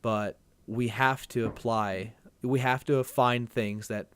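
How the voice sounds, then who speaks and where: A man's voice: medium pitch, steady tone, slow, slight background noise. A man telling a long personal story as a podcast guest, earnest and rambling, often restarting his sentences. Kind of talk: casual conversation.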